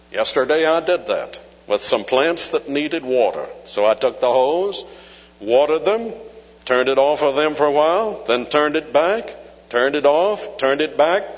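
A man preaching a sermon, teaching slowly and deliberately from scripture and lifting his voice on quoted verses. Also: medium pitch, fairly bright tone. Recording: dull lo-fi recording with long hall reverb.

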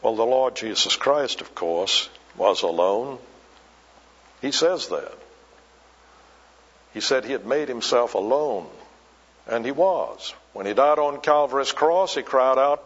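A man preaching a sermon, slow and emphatic, repeating key words for weight. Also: medium pitch, animated, slightly rough, long reverb tail. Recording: dull lo-fi recording.

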